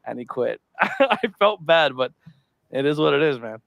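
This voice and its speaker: A man's voice: a little high, normal speed, vocal fry, dry recording, dull audio. A man co-hosting a casual chat show, telling a long workplace prank story and acting out the voices of the people in it. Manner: animated storyteller who acts out quoted voices. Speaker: podcast co-host.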